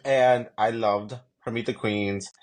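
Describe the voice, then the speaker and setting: A man co-hosting a podcast, chatting in a lively way with quick asides. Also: fairly low pitch. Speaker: podcast co-host. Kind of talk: casual chat.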